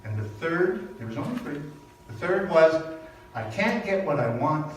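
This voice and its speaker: An older man from Canada giving a personal sermon at a church service, telling stories with animated, emphatic repetition. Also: fairly high pitch, a little slow, faint music behind. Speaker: speaker at a spiritual church service. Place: large echoey hall. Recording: very echoey hall from far off, faint noise.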